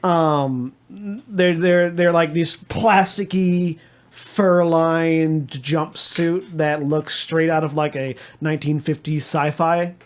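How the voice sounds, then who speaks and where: A man running a tabletop game as game master, narrating haltingly with many restarts. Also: on the high side, fairly even intonation.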